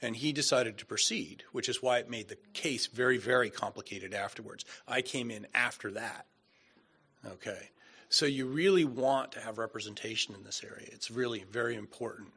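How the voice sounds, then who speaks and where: A man's voice: mid-range voice, moderate pace, pushed and bright, breathy edge. A man working as an attorney, answering questions at a members meeting, emphatic and repeating his points. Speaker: attorney presenting.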